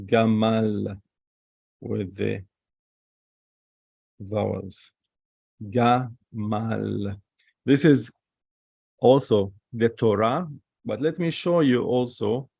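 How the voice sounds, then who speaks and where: A man, teaching the alphabet and repeating each sound slowly while he writes. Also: fairly low pitch, creaky, warm tone, no room sound, studio quality. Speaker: Hebrew teacher. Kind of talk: slow alphabet lesson.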